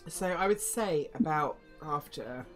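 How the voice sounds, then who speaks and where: A woman narrating as game master of a tabletop game, relaxed and hesitant with many fillers. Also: deep voice, measured pace, over music.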